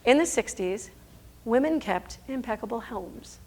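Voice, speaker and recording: A woman's voice: a little high, lively intonation, a little slow. A middle-aged woman giving a conference talk on stage, emphatic and rhetorical, sometimes stumbling and correcting herself. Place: stage before an audience.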